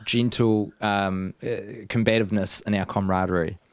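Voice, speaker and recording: A man's voice: fairly low pitch, steady tone, normal speed, clear, resonant tone, no room sound. A man hosting a comedy quiz over a video call, chatty and teasing the players. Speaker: quiz host.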